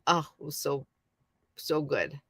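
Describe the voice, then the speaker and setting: A woman's voice: deep voice, animated, a little slow, fairly bright tone, husky, no echo, clean studio sound. A middle-aged woman hosting a casual livestream from home, rambling and chatting with viewers by name. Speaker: YouTube livestream host. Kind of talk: casual live chat with viewers.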